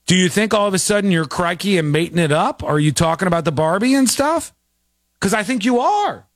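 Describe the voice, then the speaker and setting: An animated man reacting and chatting on a casual show, his pitch swinging widely and sitting a little high. He repeats himself and laughs often, recorded close and dry. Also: fairly quick, dry recording. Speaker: show host.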